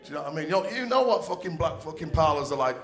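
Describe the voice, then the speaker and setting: A man's voice: on the high side, expressive, very fast. A man doing stand-up storytelling on a club stage into a handheld mic, chatty and profane, often checking in with the crowd. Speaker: comedian. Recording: roomy club echo.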